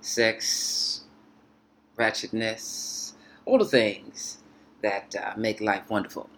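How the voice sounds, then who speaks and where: A woman co-hosting a chatty podcast, with a morning voice because she just woke up. She talks in a relaxed, easygoing way. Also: extremely low pitch, a little slow. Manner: relaxed, chatty, says "you know what I'm saying". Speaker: podcast co-host. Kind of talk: casual chat.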